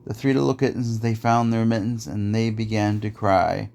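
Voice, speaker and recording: A man's voice: fairly low pitch, fairly even intonation, normal speed, vocal fry, few pauses, a little mellow. A man reading nursery rhymes aloud in a rhythmic, sing-song way, as host of a podcast.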